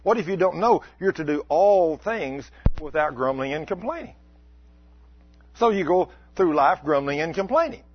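A man, preaching a folksy, animated sermon. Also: a little high, moderate pace, husky. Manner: folksy, animated, acts out mock complaints. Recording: dull lo-fi recording.

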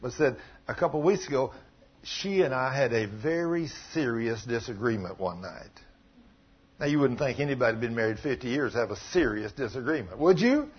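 A man preaching a sermon, telling a story and acting out the voices in it, with sudden loud bursts. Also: medium pitch, expressive, normal speed, husky. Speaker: pastor. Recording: muffled lo-fi sound.

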